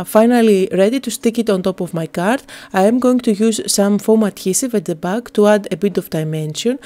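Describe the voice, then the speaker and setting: A woman narrating a step-by-step card-making tutorial, calm and explanatory, with frequent "uh" fillers. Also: mid-range voice.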